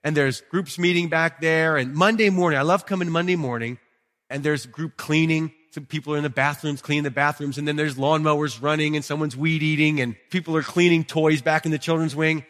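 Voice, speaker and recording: A male pastor preaching a sermon in a church, chatting with the congregation, swinging from quiet asides to emphatic peaks. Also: on the high side, fairly even intonation, brisk. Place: church sanctuary. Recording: long reverb of a hall.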